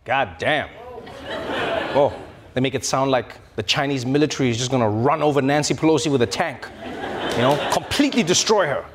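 A man delivering a comedy monologue as host, animated and mocking, slipping into shrill impressions. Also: fairly quick, slight background noise. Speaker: late-night comedy host. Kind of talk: stand-up style monologue.

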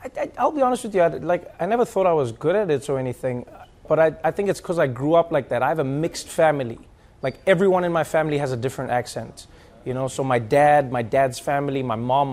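A man from South Africa telling a lively, animated story in casual chat, slipping into other people's accents. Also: mid-range voice, quick pace. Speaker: host.

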